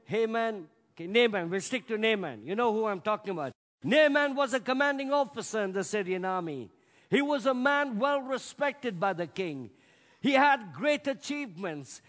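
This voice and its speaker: A man preaching a sermon, swinging between loud bursts and hushed, drawn-out words. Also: very high voice. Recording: long reverb of a large hall.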